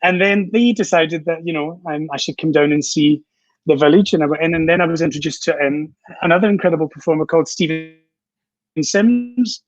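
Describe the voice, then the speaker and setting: A man's voice: on the high side, brisk, no room sound, muffled recording. A Scottish man on a video call, chatting as a guest and telling long stories with lots of fillers and restarts. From Scotland. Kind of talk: casual chat.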